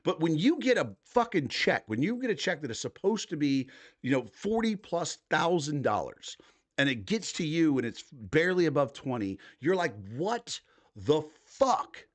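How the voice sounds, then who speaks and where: A man's voice: on the high side, big pitch swings, normal speed. A man in his thirties from the United States, hosting a political livestream and ranting angrily with constant swearing. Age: 30s. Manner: angry, swears constantly, reads posts aloud mockingly. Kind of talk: profane ranting commentary.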